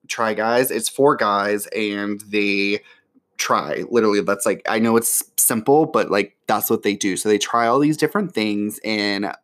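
A man's voice: mid-range voice, fairly bright tone. Chatty, profane man hosting a podcast. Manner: chatty, profane, many fillers. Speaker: podcast host. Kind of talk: casual solo chat. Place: home near an airport.

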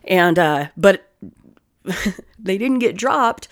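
Young woman, casual podcast co-host, salty and animated storyteller. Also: medium pitch, drawn-out words. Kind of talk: casual chat.

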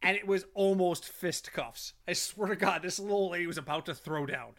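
Bright-voiced man telling stories. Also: high-pitched, brisk. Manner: animated storyteller, swears freely. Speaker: podcast co-host. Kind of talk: casual podcast chat.

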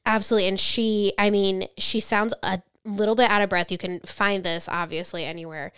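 Woman, casual true-crime podcast narration, smooth voice, dry room. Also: mid-range voice, a little fast, few pauses, no echo. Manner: chatty, reads quotes flatly then reacts. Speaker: podcast co-host, storyteller.

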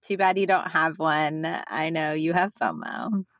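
A young woman with a Californian Valley Girl accent, co-hosting a podcast in casual chat with a playful, drawn-out way of talking. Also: deep voice, steady tone, fairly bright tone, no echo. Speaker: podcast co-host.

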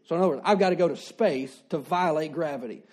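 Here a pastor speaks quickly in a slightly high, darkish voice, preaching in a conversational tone. He leans on rhetorical questions and keeps coming back to his central declarations.

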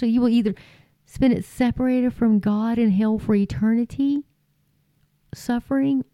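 A woman's voice: fairly high pitch, warm tone, dry recording, lo-fi sound. A woman preaching informally and earnestly to her viewers, folksy and repeating phrases for emphasis. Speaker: Christian YouTube preacher.

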